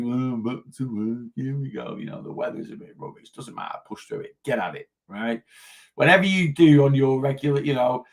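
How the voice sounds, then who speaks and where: A middle-aged Lancashire man talks through a weight loss live stream in a rambling, chatty way, full of asides and restarts. His voice sits a little high for a man. He greets viewers one by one and gives everyday diet tips. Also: fairly bright tone. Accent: Lancashire English. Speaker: weight loss livestream host. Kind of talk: casual livestream chat.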